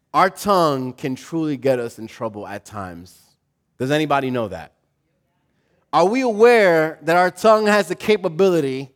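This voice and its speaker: Animated man preaching a sermon. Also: mid-range voice. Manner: animated, acts out quoted voices, asks the audience questions. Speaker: pastor. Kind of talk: sermon with storytelling.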